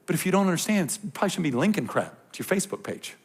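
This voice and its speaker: Male pastor, middle-aged, gravelly edge, slightly high voice, chatty sermon to a church crowd. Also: big pitch swings, very fast. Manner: conversational, swings from quiet to loud ranting. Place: church auditorium before a congregation.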